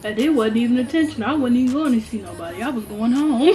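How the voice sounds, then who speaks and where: A young vlogger with a slightly high voice tells a storytime while eating, in loose, slangy chat. She's animated and a little fast, repeating lines twice for emphasis, with faint music underneath.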